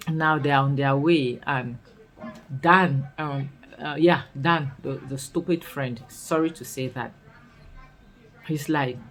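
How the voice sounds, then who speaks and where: A woman with a Nigerian accent and a low voice reviews a series, recapping it in casual, expressive commentary full of scolding rhetorical questions. The audio quality is poor.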